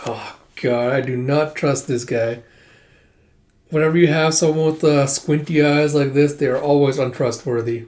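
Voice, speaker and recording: A man's voice: fairly high pitch, fairly even intonation, moderate pace, darkish tone, reverberant. A man hosting a casual comic readthrough, chatting and reading the lines aloud.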